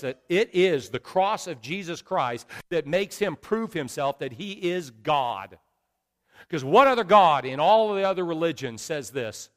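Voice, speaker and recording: A man's voice: on the high side, a bit bright. A middle-aged man preaching a sermon as pastor, emphatic and repetitive. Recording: long reverb of a large hall.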